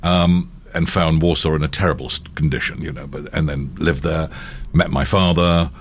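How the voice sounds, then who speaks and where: A man's voice: rumbling low, steady tone, moderate pace, slight background noise. An older male actor chatting as an interview guest, telling rambling anecdotes with frequent restarts and easy laughter. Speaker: actor and voiceover artist guest. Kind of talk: casual interview chat.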